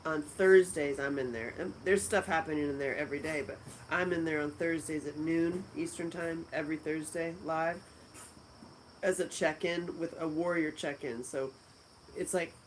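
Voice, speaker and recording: A woman's voice: low voice, a little hiss or hum, poor audio. A middle-aged woman hosting a casual live stream, chatting and laughing as she answers viewer comments from a friend's house. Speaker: livestream host.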